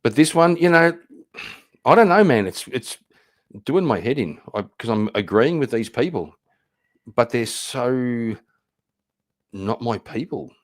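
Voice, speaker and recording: A man's voice: mid-range voice, expressive, a little slow, long pauses. A man hosting a stream, reacting to clips in blunt, rambling, profane talk. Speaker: stream host. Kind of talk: casual reaction commentary.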